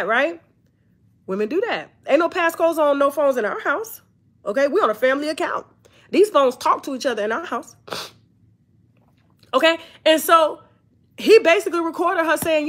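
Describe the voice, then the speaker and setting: A woman, hosting a blunt, profane, animated storytime commentary. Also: high voice, moderate pace. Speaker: commentary channel host.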